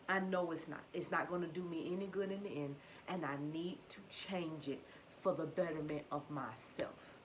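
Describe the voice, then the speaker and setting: A young woman, speaking in a fairly low voice. She talks earnestly and openly about herself, circling back to the same points and asking the listener questions. A faint hum of ambience sits under her voice. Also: rough recording. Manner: earnest, repetitive and confessional, with rhetorical questions. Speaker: faith vlogger. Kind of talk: candid personal testimony.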